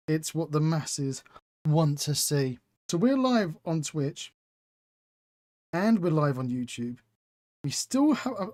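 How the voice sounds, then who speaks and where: A man's voice: fairly high pitch, a little mellow, no echo, clean studio sound. A man hosting a live stream, chatting casually and reading out chat with self-mocking humor. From England.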